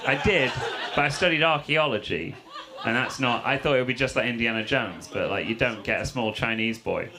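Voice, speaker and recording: A man's voice: mid-range voice, fairly quick. A man, a comedian and freestyle rapper, doing playful, teasing crowd work on a club stage and laughing between quips. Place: comedy club stage before a live audience. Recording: live band music loud behind the voice.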